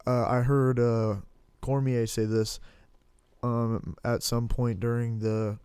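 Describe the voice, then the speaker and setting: A man's voice: medium pitch, level tone, slow pace, a little mellow, smooth, no echo. A young man chatting casually on a podcast, rambling with lots of restarts and blunt, profane remarks. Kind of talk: casual podcast chat about fighting.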